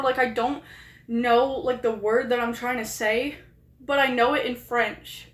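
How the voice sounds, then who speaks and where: A woman chatting on a live stream in a rambling, self-deprecating way, packing her sentences with "like". Her voice sits a little high. The room around her rings with echo. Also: fairly even intonation, normal speed, a bit bright. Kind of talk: casual chat on a live stream.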